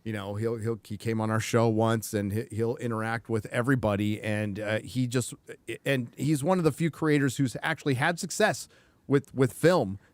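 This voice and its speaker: A man's voice: mid-range voice, fairly even intonation, moderate pace, no echo. A man hosting a casual livestream talk show, emphatic and profane, with rambling asides. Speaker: show host.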